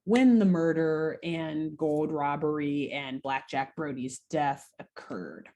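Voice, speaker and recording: Podcast co-host, woman, fairly low voice, lively casual storytelling with swearing. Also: takes it slowly. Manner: animated, swearing, laughing storyteller. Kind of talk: casual recap chat.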